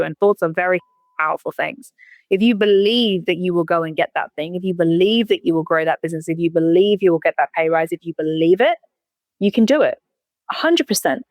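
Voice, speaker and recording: A woman's voice: lowish voice, no room sound, studio quality. A woman, a company founder, chatting as a podcast guest in a blunt, emphatic way and swearing casually. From United Kingdom. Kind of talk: casual interview chat.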